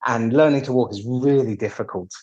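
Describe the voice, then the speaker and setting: Husky-voiced British man telling his story. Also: mid-range voice, fairly quick, a little mellow, muffled recording. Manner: candid, wry, acts out quoted dialogue with restarts. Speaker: piano technician guest. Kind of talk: casual storytelling interview.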